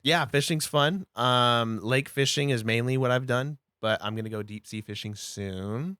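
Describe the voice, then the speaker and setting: Relaxed young man chatting casually. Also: mid-range voice, moderate pace, smooth, no echo, studio quality. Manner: relaxed, rambling, repeats himself. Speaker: podcast producer and guest. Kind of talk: casual interview chat.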